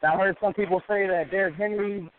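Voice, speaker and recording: A man from Sacramento calling into a show, unsure and halting, on a phone line with faint noise. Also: sits high, steady tone. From Sacramento, California. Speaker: caller. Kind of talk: phone-in question.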